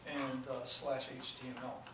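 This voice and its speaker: A man's voice: mid-range voice, flat delivery, moderate pace. Man lecturing a coding class, rambly, echoey room, lots of background hiss. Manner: rambling, with fillers and restarts. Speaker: programming teacher. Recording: echoey room from far off, noisy.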